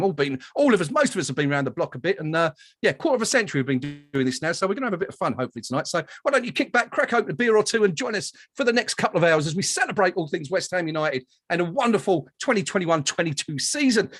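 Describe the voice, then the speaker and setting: Male host, high-ish voice, jokey, rambling live delivery. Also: a bit bright, no room sound, studio quality. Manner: chatty, jokey, many fillers and restarts. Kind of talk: live online awards show hosting.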